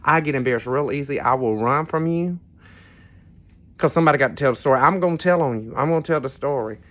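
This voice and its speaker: A man's voice: mid-range voice, fast talker, fairly bright tone. A tipsy man, rambling through a casual storytelling vlog from a cruise ship cabin with frank asides and some cursing. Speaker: vlogger.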